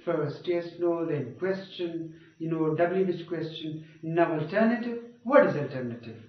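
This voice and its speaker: A male teacher giving a grammar lecture, repeating points and checking with "okay?" and "you got it?". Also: high voice. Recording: dull, echoey, far from mic.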